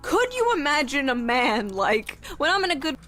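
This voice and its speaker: A woman narrates her commentary video in a dry, sardonic way. Her voice sits somewhat high, and faint music plays beneath her. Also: big pitch swings, moderate pace, a bit bright.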